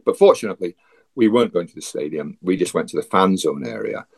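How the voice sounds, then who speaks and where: A man's voice: low-pitched, sing-song, quick pace, vocal fry, breathy edge. A Scottish man from Scotland, a guest telling a travel story in a chatty way, with wry asides and frequent laughs. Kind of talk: casual storytelling.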